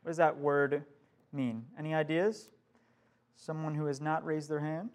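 A man's voice: on the high side, a little slow. A young man, a youth pastor, giving a casual youth group sermon to a live room, asking the listeners questions as he goes.

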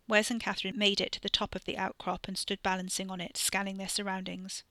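A woman narrates a story in a steady, even reading voice. Her tone is bright and clear, recorded close and dry with no room sound. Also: mid-range voice, brisk, hardly any pauses, dry recording. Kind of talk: audiobook fiction reading.

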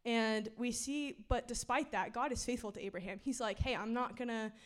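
A woman's voice: on the high side, fairly even intonation, moderate pace. Chatty young woman preaching casually. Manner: chatty, slangy, laughs often. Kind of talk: casual sermon.

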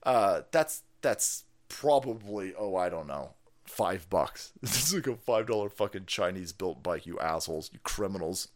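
A middle-aged man rants his way through profane, animated live-stream commentary at a moderate pace. He laughs a lot, veering between loud outbursts and quiet mutters.

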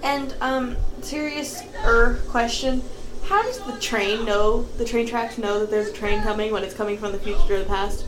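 Excitable young woman podcaster, echoey room. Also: a little high. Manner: excitable, swearing, quick to exclaim. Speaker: podcast co-host. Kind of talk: casual movie-watching chat. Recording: echoey room, faint noise.

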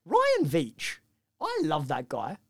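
Lively, laughing young man. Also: a little high, slow, no echo, studio quality. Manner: laughs often, animated and teasing. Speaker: podcast co-host. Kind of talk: casual chat.

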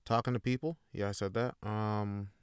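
A man's voice: fairly low pitch, fairly even intonation, normal speed, smooth, no echo, clean studio sound. A man hosting a solo podcast, talking in a rambling, laid-back way with a lot of swearing. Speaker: podcast host. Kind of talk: casual solo monologue.

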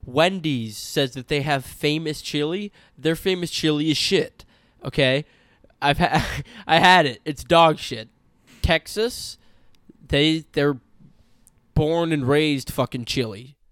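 A young man trading stories on a casual podcast, blunt and full of swearing. His voice is smooth and resonant. The sound is dry and close, with no room around it. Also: fairly high pitch, slow, fairly bright tone, dry recording. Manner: blunt, profane and emphatic. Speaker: podcast co-host. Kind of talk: casual chat.

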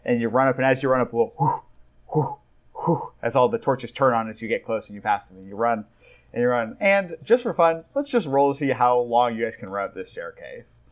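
A man's voice: mid-range voice, expressive, fast. A young man narrating as game master, talking casually and rambling with many fillers.

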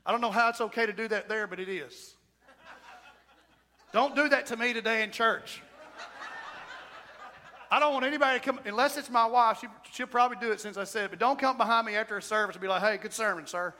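A man preaching a sermon as pastor, with shouted whoops and emphatic repetition. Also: very high voice, fast, pauses often, a little hiss or hum. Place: church sanctuary. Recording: church hall reverb.

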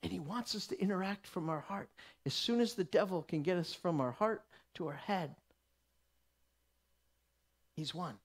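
A man preaching a sermon in a conversational, emphatic way that sinks to a hush at times. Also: a little high, husky.

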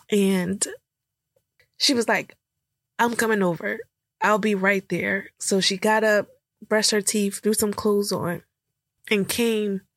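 A woman's voice: mid-range voice, fairly bright tone, dry recording. Tearful young woman on a dry podcast mic. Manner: emotional, rambling, filler-heavy storytelling. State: tearful, choked up. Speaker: podcast host. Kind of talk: candid personal podcast talk.

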